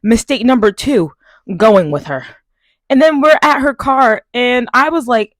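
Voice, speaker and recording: A young woman from Long Island telling a story to camera in an animated, exasperated way. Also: fairly high pitch, a little slow, no echo. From Long Island, New York. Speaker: vlogger. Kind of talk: story time vlog.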